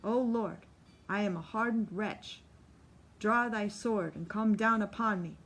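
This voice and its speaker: A woman's voice: mid-range voice, measured pace, fairly bright tone. A woman voicing a tormented male tent-revival preacher who pleads and cries out in impassioned calls. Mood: fervent pleading.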